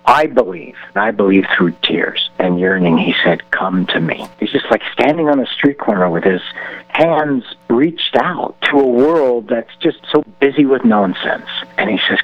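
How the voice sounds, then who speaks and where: A man speaking earnestly about faith and leading a prayer, often dropping to a hushed, heartfelt tone. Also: medium pitch, lively intonation, a little slow, no echo, dull audio. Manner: earnest, drops to a hushed whisper when voicing Jesus. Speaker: guest actor and filmmaker. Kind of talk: devotional talk and prayer.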